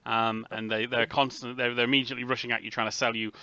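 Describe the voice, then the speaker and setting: A man narrating a tabletop horror game as game master, halting with fillers. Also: medium pitch, flat delivery, sharp tone, clear, resonant tone, no echo. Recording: dull lo-fi recording.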